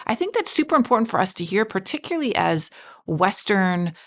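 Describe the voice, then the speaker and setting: A woman's voice: mid-range voice, big pitch swings, a little fast, a bit bright. Woman pastor, podcast bible chat, reads verses out and quizzes her cohost. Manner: reads scripture aloud, asks guiding questions. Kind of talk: conversational podcast Bible teaching.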